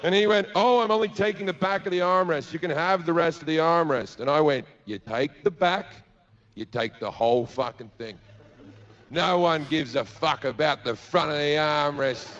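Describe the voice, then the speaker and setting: A man's voice: on the high side, moderate pace, a bit bright. A man with an Australian accent doing stand-up, telling a crude, profane story and acting out the people in it. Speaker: stand-up comedian. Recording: dull lo-fi live recording with noise.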